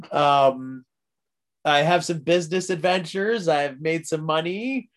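A man's voice: fairly high pitch, expressive, slow. A man voicing a boastful, defiant drunk in an old tavern, swearing and loosely acted in his own voice.

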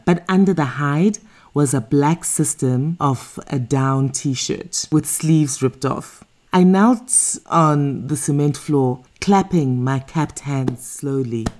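A woman reading a first-person story aloud in a calm, measured way. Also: a bass voice. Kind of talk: scripted first-person narration.

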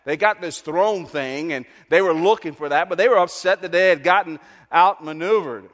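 A man preaching a sermon in a church, emphatic and repetitive, swinging between loud, lifted lines and hushed ones. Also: a little high, moderate pace. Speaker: pastor. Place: large church hall. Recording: long reverb of a large hall.

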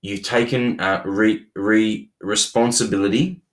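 A man's voice: lowish voice, steady tone, a little slow. Earnest man giving relationship advice. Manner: earnest, many restarts and repeated words. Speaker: podcast co-host.

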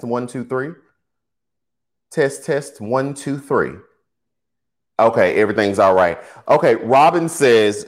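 A man hosting a casual political livestream, talking to his chat in an animated, sassy way. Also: medium pitch. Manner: animated, sassy, addresses chat as y'all and baby.

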